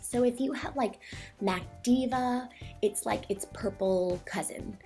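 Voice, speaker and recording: A young woman talking through a makeup tutorial in a chatty, quick way, a little out of breath. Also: a little high, mellow, faint music behind. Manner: chatty, quick, filler-heavy. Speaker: makeup vlogger. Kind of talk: casual makeup tutorial voice-over.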